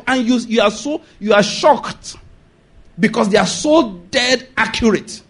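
A Nigerian-accented man preaching a sermon, animated, laughing often and asking the congregation if they follow. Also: very high voice, normal speed.

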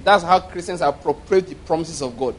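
A male preacher delivers a sermon in a high, bright voice. He is animated and humorous, stopping often to check that his listeners are following. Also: a little fast, a little hiss or hum. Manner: humorous, animated storytelling, asks the congregation questions.

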